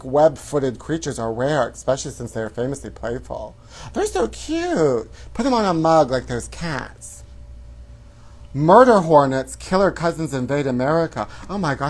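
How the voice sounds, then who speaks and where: A man hosting a celebrity gossip show, reading tabloid stories with flamboyant, theatrical asides and calling his viewers honey. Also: fairly high pitch. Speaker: host. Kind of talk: campy celebrity gossip commentary.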